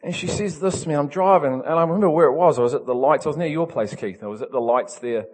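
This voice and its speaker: Animated New preacher man. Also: on the high side, fast talker, in a large hall. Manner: animated, emphatic, swings from loud to soft. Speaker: pastor. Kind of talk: storytelling sermon.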